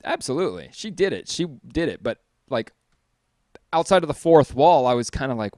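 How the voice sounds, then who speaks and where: A man co-hosting a casual show, chatting in a rambling, profane and animated way. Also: mid-range voice, normal speed, dry recording, studio quality. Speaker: co-host. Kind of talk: casual chat.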